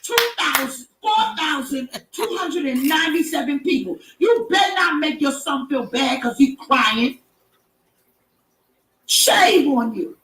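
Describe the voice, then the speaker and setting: A woman preaching encouragement on a live stream in a high voice, hammering points home with repetition and sudden shouted lines. She sounds a little away from the mic in an echoey room. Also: expressive, measured pace, distant mic, a little hiss or hum. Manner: emphatic, repeating, rising to shouts. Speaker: inspirational live-stream host. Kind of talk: preaching-style motivational talk.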